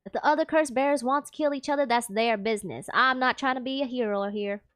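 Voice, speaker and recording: Woman reading a stern Texan private eye, polite but unbending, bright high voice. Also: fast talker, no room sound, studio quality, lightly acted. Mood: firm. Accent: put-on Texan. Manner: polite, firm, addresses client as ma'am. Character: gruff Texan male private detective, principled. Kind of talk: reading game dialogue aloud.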